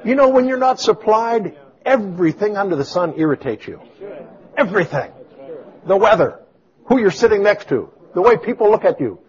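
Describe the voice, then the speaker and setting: A man preaching a sermon, swinging from booming exclamations to soft storytelling. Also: sing-song, moderate pace. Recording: dull lo-fi sound.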